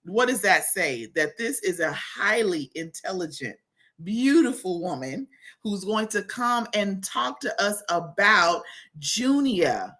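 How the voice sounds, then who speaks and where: Bright-voiced lady hosting, gushing and laughing a lot, video call. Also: mid-range voice, very animated, takes it slowly. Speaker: host. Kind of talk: lively talk-show chat.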